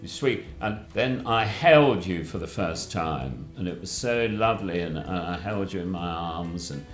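Older guy, lively up-and-down low voice, rambly storyteller, roomy sound and a bit of music. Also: unhurried. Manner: rambling, plummy, bursts into animated voices. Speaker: guest, father of the host. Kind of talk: anecdotal storytelling chat.

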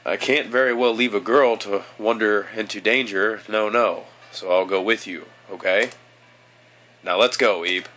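A man reading aloud the lines of a polite, protective young man in a game, in a gentle, reassuring tone. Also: on the low side, fairly even intonation, unhurried, faint music behind. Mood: calm.

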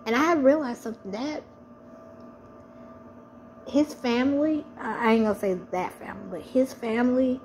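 A woman's voice: fairly high pitch, normal speed, pauses often, a little mellow, a little hiss or hum. A woman sharing a personal faith testimony, speaking earnestly and repeating phrases for emphasis.

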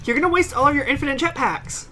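A woman's voice: sits high, quick pace, background noise. A woman chatting over a video game, narrating the plays and laughing along. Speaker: gamer co-host. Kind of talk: casual let's-play chatter.

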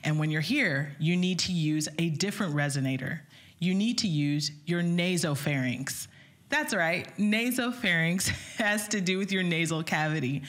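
A woman vocal coach with a slightly low speaking voice gives an upbeat online singing lesson. She talks straight to her viewers and breaks into short sung vowel demos. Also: moderate pace, a bit bright.

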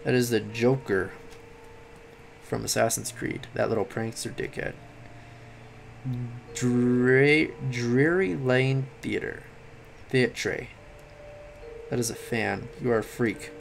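A tired young man giving late-night game commentary, rambling, swearing and yelling at the game. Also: mid-range voice, takes it slowly, vocal fry, pauses often, slight background noise. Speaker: gaming commentator.

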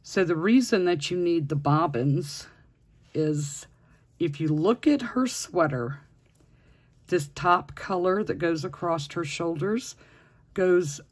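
Speaking slowly and expressively in a mid-range voice with long pauses, a crochet instructor guides viewers through a project step by step. She patiently counts her stitches aloud as she works.

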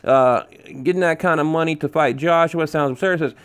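A man's voice: a little high, brisk, clean tone. A man giving casual boxing commentary as a channel host, ranting with frequent restarts, asides and rhetorical questions. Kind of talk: casual commentary, reading news and memes aloud.

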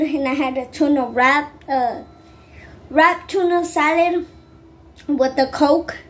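A woman's voice: high voice, a little slow. A woman vlogger chatting casually to camera, rambling with many fillers and asides about her weekend.

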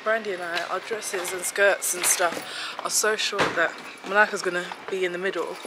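A woman's voice: on the low side, steady tone, moderate pace, noisy background. A young woman chatting casually and joking for her travel vlog, laughing often, filmed on a handheld phone. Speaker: vlogger. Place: car, then busy restaurant. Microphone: handheld phone camera. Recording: loud music and crowd chatter behind. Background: loud music and crowd chatter.

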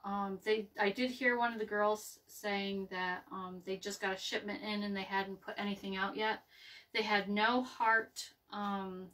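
A woman chats slowly through a home craft session, rambling and restarting with plenty of ums. Her voice is bright and a bit sharp. She sits somewhat back from the microphone. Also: medium pitch, little pitch movement, distant mic. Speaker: craft video host. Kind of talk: casual live craft chat. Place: home craft table, indoors.

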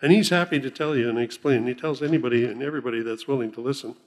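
Folksy older male pastor preaching. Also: mid-range voice. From Oklahoma. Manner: folksy, rambling, chuckles often, slows down to read scripture. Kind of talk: sermon.

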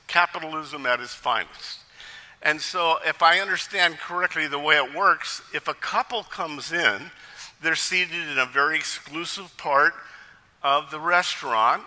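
A man's voice: fairly high pitch, big-room sound. A male pastor preaching a sermon in a church, telling jokes and stories along the way. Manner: lively storytelling with jokes.

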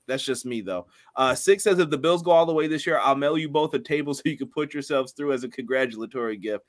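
A man's voice: medium pitch, fast talker. A man co-hosting a casual wrestling review chat, laughing often and reading out viewer comments. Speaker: podcast co-host.

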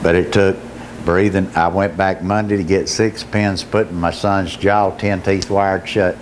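Impassioned pastor giving testimony. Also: male voice, low-pitched, steady tone, measured pace, a little hiss or hum. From Georgia, US. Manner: emotional storytelling, rising to shouts. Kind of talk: testimony sermon.

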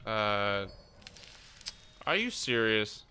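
A man's voice: lowish voice, sing-song, drawn-out words, sharp tone. A man giving casual, jokey commentary on a game he is playing, talking to his viewers and now and then putting on silly voices. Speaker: gaming YouTuber.

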